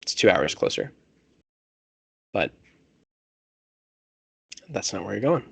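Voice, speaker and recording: A man acting as game master for a tabletop game, with a fairly low voice. He talks casually, double-checks details and corrects himself mid-sentence. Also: huge pitch swings, takes it slowly, gravelly, fairly bright tone, slightly rough, dry recording.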